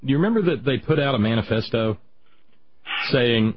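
A man hosting a political talk show, rambling and halting, reading out chat comments, with a husky voice. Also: medium pitch, animated. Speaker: radio talk host. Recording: dull lo-fi radio sound.

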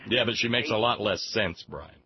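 A man's voice: on the low side, moderate pace, husky, highs cut off. A man hosting a call-in talk radio show, joking with callers in a folksy, jokey way.

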